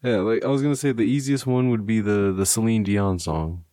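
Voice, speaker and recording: A laid-back young man hosting a podcast, talking casually with plenty of swearing and laughter. His voice sits low, and the sound is close and dry. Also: brisk, mellow, no room sound. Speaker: podcast host.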